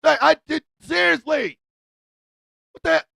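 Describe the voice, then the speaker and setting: A man hosting a radio show, ranting loudly in a comic, excitable way, yelling and cursing. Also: very high-pitched, a little slow, creaky, no echo. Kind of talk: loud comic rant.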